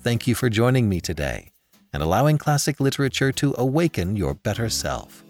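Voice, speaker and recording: Expressive male audiobook narrator. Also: medium pitch, fairly quick, faint music behind. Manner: expressive storytelling. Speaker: audiobook narrator and podcast host.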